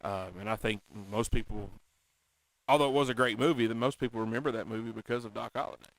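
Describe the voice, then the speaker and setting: A man co-hosting a casual talk show, animated and chatty, often slipping into quoted movie lines. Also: medium pitch, fast talker, dry recording. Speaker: podcast co-host. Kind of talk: casual chat.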